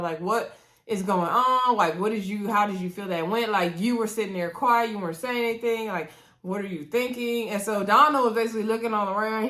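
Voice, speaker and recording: A woman's voice: mid-range voice, a bit bright. Chatty woman recapping a reality show. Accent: African American English. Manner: chatty, retells scenes with quoted voices and asides to viewers. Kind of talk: casual recap monologue.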